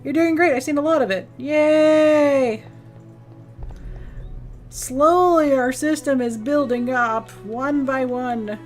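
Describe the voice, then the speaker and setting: A woman's voice: high-pitched, moderate pace, few pauses, faint music behind. A woman streaming a game and chatting casually, rambling with restarts and acting out quoted lines. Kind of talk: casual live-stream chat while gaming.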